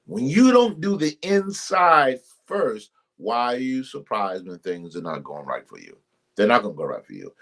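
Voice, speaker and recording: Viewers of a ministry live stream get casual relationship advice from its male host. He repeats himself emphatically as a preacher would, his pitch suddenly jumps, and he says hello to commenters by name.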